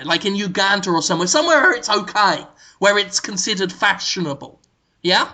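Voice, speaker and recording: Podcast host, man, deadpan mock-serious delivery, bright and forceful tone. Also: high voice, moderate pace. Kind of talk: casual podcast banter.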